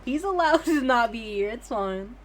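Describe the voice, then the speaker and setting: A woman's voice: fairly high pitch, lively intonation, moderate pace, a little hiss or hum. A young woman streaming a game, chatting casually in a rambling, profane, giggly way. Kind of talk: casual livestream chat.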